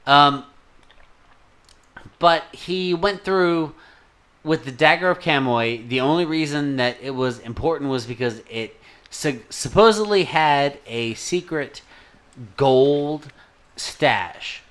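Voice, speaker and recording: A podcast co-host recaps a film in casual chat, rambling, swearing heavily and talking with his hands. His voice is on the high side, slow and fairly bright, recorded on a desk microphone.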